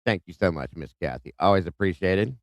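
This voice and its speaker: Low-voiced man hosting a live chat. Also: expressive, fairly quick, dry recording. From Ohio. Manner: friendly, greets viewers by name. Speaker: livestream host. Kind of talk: casual live chat reading viewer comments. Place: home in Ohio.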